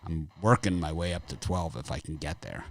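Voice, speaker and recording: A man's voice: a bass voice, fairly quick, slight background noise. Rambling, chuckling middle-aged man. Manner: rambling, laughing often. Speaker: sports betting show host. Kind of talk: casual chat.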